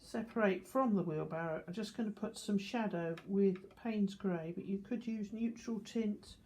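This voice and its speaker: Older woman, art teacher, mellow voice, calm step-by-step painting demo. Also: medium pitch, normal speed. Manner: calm, explanatory, talking while painting. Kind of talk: watercolour painting demonstration.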